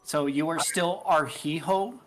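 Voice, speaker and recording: A man's voice: fairly high pitch, unhurried, over music. A man running a tabletop game, explaining rules in a chatty way. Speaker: game master.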